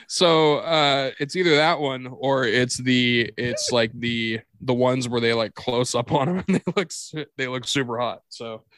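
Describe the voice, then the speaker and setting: A man's voice: medium pitch, fairly even intonation, measured pace, hardly any pauses, fairly bright tone, no echo. A man co-hosting a podcast in casual chat, laughing often and swearing as he tells stories. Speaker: podcast co-host.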